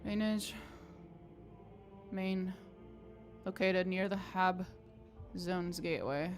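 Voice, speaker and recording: A woman's voice: medium pitch, normal speed, fairly bright tone, soft background music. A young woman streaming a game, chatting casually with viewers, swearing often and getting exasperated. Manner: frustrated, swears freely, chats with viewers. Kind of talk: casual live-stream chat while playing.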